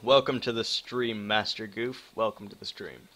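A young man from Wisconsin giving excitable live commentary on a hard survival game, swearing often and greeting chat viewers. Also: fairly low pitch, normal speed. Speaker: game streamer.

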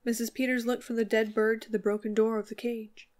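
A woman narrating a classic short story as an audiobook, in a measured, expressive reading. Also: a little high. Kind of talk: scripted narration.

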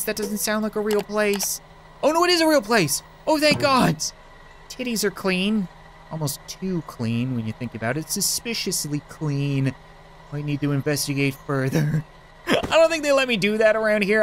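A man's voice: a little high, fairly bright tone, slight background noise. A man giving casual gameplay commentary, joking crudely and laughing often at his own lines. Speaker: gaming video host.

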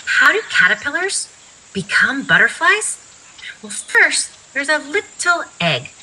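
A woman teaching preschoolers at circle time and reading a story aloud, animated and sing-song. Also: high-pitched, low-quality recording. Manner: slow, sing-song, animated for little kids.

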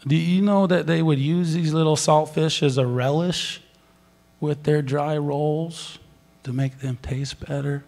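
A man preaching a sermon as pastor, animated, swinging from loud exclaiming to soft whispers. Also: on the high side, measured pace, creaky. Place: large church sanctuary. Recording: long hall reverb.

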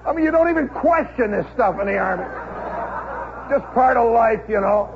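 Forties american guy, radio storyteller, wry and chatty, higher voice, faint hiss on an old tape. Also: expressive, moderate pace, phone-quality sound, crowd noise. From United States. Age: 40s. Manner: wry, conversational, chuckling asides. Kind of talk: rambling comic storytelling monologue.

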